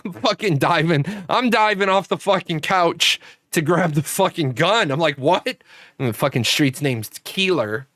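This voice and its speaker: A man's voice: fairly high pitch, expressive, moderate pace, a bit bright, no room sound, studio quality. A man hosting a livestream, telling a rambling, profane story with many restarts. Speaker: host. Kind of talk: casual livestream chat.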